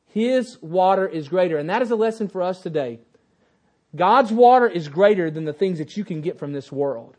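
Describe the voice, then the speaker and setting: High-pitched male preacher, emphatic sermon delivery, questions the congregation. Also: darkish tone. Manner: emphatic, repeats key phrases.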